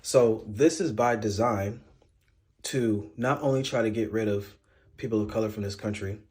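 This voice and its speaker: A man with a somewhat low voice talking through the news in a casual way. He is blunt and conversational and drops in the odd filler. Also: a little mellow. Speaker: commentator. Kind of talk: casual commentary.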